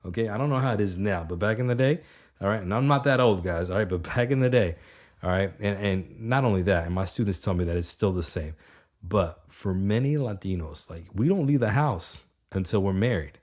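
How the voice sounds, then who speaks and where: A man in his thirties giving an energetic, conversational motivational talk, often checking in with his listeners. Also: fairly low pitch, brisk. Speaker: motivational speaker.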